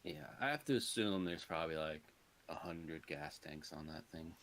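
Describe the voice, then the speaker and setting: A man's voice: extremely low pitch, normal speed, fairly bright tone, slight background noise. A man co-hosting a podcast, chatting casually about a movie with dry, short remarks. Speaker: podcast co-host. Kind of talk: casual movie review chat.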